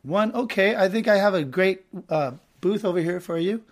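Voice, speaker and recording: Casting: chirpy young hostess greeting diners, high and bright, a man doing the voice. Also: normal speed, lightly acted. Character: friendly young female restaurant hostess.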